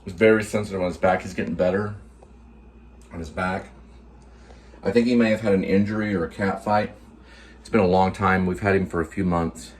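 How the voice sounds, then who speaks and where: Low-voiced man rambling casually at home. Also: steady tone, a little fast, long pauses. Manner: rambling, easygoing, many "like" fillers; talks while eating. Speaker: vlog host. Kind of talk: casual cooking and pet vlog.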